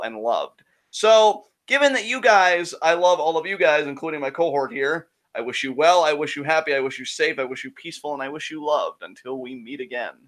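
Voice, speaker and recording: A man's voice: mid-range voice, a bit bright. A young man co-hosting a casual podcast, joking in a playful, mock-dramatic way. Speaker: co-host.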